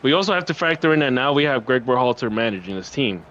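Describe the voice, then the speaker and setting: A man's voice: medium pitch, expressive, quick pace, fairly bright tone, muffled recording, a little hiss or hum. A man co-hosting a soccer podcast, chatting casually and emphatically, repeating himself. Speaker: podcast co-host.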